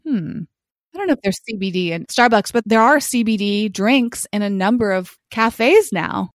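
A woman with a medium-pitched, lively voice speaks at a moderate pace in clean studio sound with no echo. She's a podcast co-host chatting casually, talking freely and laughing often.

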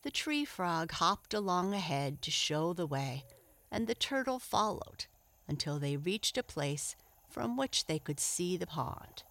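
A woman narrating a children's storybook in a gentle, measured reading. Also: fairly low pitch, very animated, no echo.

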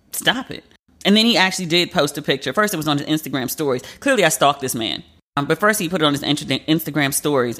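A man's voice: high voice, bright, forceful tone. A man, a journalist, hosting a casual monologue podcast, chatty and emotional, filling his talk with "like". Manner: chatty and emotional, heavy use of "like".

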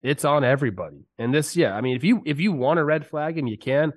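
A former pro ball player co-hosting a podcast talks sports casually but heatedly in the studio, emphatic despite being sick. His voice is on the high side, expressive and fast.

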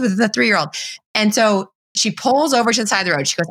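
A middle-aged woman hosting a podcast, chatting and telling a lively anecdote while acting out the voices she quotes. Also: medium pitch, fast talker. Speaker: podcast host. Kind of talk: casual conversation.

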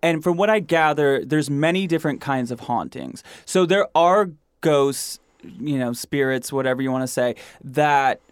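A podcast host from Michigan with a Midwestern accent, talking casually, laughing often and using many fillers. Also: male voice, on the high side, moderate pace, clear, resonant tone, no echo, studio quality. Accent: Midwestern American. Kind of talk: casual chat.

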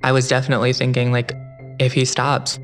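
A man's voice: mid-range voice, completely flat delivery, brisk. Young man recounting a tense story. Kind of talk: first-person true story retelling. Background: music.

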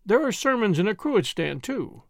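A man reading the part of a mild, gently odd priest who turns quietly grave. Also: high-pitched, big pitch swings, normal speed, creaky, no echo, clean studio sound, voice pushed up, heavily acted. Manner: vague, then quietly grave.

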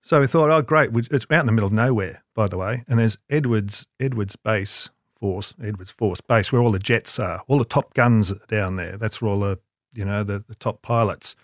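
A man's voice: fairly low pitch, normal speed, dry recording, studio quality. Rambling older man telling stories. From Australia. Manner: rambling, self-deprecating storyteller with frequent restarts. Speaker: guest, advertising creative. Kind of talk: casual anecdote telling.

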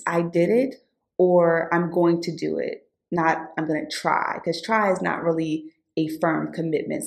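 A woman's voice: lowish voice, creaky, a little mellow. A woman co-hosting a podcast, talking earnestly and personally about her life and goals. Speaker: podcast co-host. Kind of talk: casual podcast chat.

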